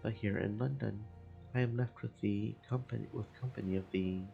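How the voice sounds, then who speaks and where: Man doing a Spanish fishmonger, lovesick, theatrical, Spanish accent, low gravelly voice. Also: fairly even intonation, moderate pace, narrow, tinny audio, faint music behind. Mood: proud. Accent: put-on Spanish. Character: Spanish fishmonger, amorous and proud.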